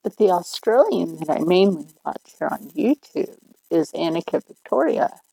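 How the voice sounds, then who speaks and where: A woman's voice: fairly low pitch, animated, moderate pace, creaky, warm tone, breathy edge, no room sound, poor audio. A middle-aged woman hosting a livestream, rambling along in casual chat and laughing often. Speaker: livestream host.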